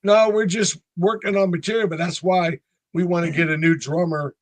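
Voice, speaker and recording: A talkative man in his sixties from North Carolina with a notably high speaking voice, chatting casually as an interview guest. He spins stories and slips into the voices of the people in them. The sound is close and dry, with no room around it. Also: steady tone, moderate pace, dry recording. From North Carolina, USA. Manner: chatty storyteller, acts out other people's lines. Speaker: band frontman, interview guest.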